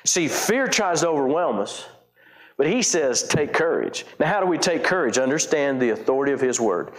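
A man's voice: mid-range voice, animated, brisk. Preaching man in an echoey room. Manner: conversational preaching with restarts and quoted scripture. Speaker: pastor. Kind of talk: sermon.

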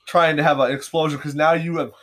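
A man's voice: on the high side, fast talker. A young man hosting a casual chat, telling stories with lots of swearing and acted-out quotes. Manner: animated, swearing, acts out quotes. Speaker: podcast host.

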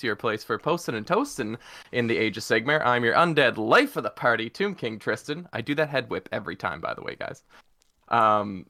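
A man's voice: mid-range voice, sharp tone. A Canadian man co-hosting a podcast, playful and teasing, with showy intros. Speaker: podcast co-host. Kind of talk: casual podcast chat.

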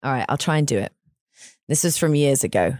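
An English woman hosting a podcast, chatting and teasing her guest in a relaxed, laughing way. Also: rumbling low, brisk, no room sound, studio quality. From England. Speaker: podcast host. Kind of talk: casual chat.

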